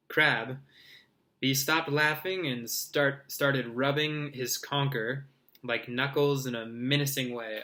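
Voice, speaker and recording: A man's voice: medium pitch, pushed and bright. A man reading a novel aloud in an easygoing, unpolished way. He trips over words, backs up to fix them and drops in little comments of his own. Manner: informal, with slips, restarts and asides. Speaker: reader.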